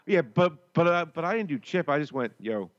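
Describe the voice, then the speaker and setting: A man's voice: fairly high pitch, fairly quick. A man co-hosting a podcast, chatting in a playful, teasing way. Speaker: podcast co-host. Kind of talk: casual chat. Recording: dry, dull sounding mic.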